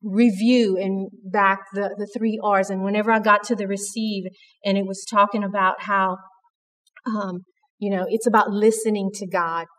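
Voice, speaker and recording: A woman's voice: mid-range voice, little pitch movement, moderate pace, long reverb tail. A woman giving an earnest, conversational devotional talk at church, with frequent restarts. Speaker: church speaker.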